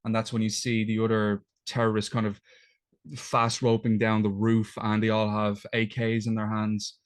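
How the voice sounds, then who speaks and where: A man's voice: on the low side, monotone, normal speed, smooth. A male podcast co-host casually retelling game scenes in loose, rambling detail. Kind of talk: casual game retrospective chat.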